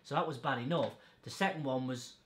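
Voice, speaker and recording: A man tells stories in blunt, heavily sweary casual chat. His voice sits at an ordinary middle pitch and carries the echo of a bare room. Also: fairly quick, fairly bright tone. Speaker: podcast host. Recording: echoey room.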